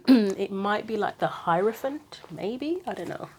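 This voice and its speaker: A woman's voice: medium pitch, expressive, unhurried, darkish tone, slight background noise. A woman giving a casual tarot reading, thinking aloud in chatty asides and reading card guidance from a book. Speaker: tarot reader.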